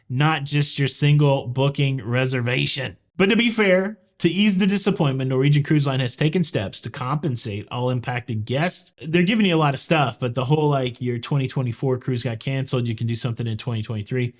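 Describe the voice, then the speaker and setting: A man from the American South with a Southern accent, hosting a cruise news show in a joking, wisecracking way and talking straight to viewers. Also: mid-range voice. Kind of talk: casual news commentary.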